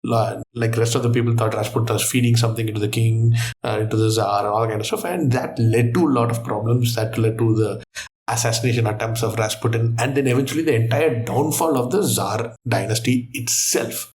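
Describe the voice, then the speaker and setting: Man telling a story with animated energy. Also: mid-range voice, fairly quick, a little hiss or hum. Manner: animated storyteller, thinks aloud. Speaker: quiz guest. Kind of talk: casual quiz chat.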